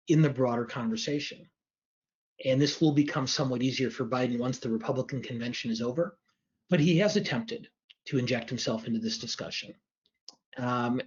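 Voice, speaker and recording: A man speaks at an ordinary mid pitch, analytical and measured, often circling back to restate a phrase. He answers audience questions during a livestream. The sound is dull and lo-fi. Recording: dull lo-fi stream audio.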